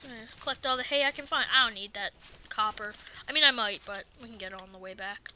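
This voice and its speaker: A woman giving casual let's-play commentary, excitable and talking back to the game's enemies. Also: on the high side, fast talker, slight background noise. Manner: excitable, swears and talks to the game enemies. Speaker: gaming video creator.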